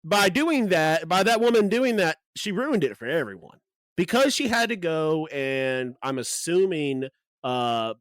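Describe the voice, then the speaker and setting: A man's voice: fairly high pitch, expressive, measured pace, no room sound. A man co-hosting a podcast, chatting casually and laughing as he riffs on jokes. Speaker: podcast co-host. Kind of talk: casual chat.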